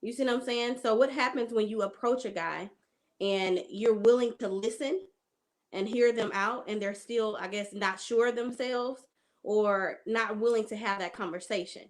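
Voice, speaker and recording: A woman's voice: fairly high pitch, moderate pace. Thoughtful woman joining a discussion. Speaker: discussion participant. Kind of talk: casual discussion.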